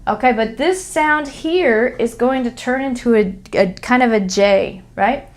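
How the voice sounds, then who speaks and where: Slow, careful woman teaching English. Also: on the high side. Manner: slow, careful, repeats example phrases; frequent "okay?" check-ins. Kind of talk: English pronunciation lesson.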